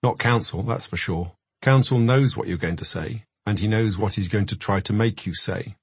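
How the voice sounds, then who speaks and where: A man voicing a blunt Scottish male pathologist mentor in an audiobook, gruff and raspy, answering his own questions. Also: on the low side, normal speed, no echo.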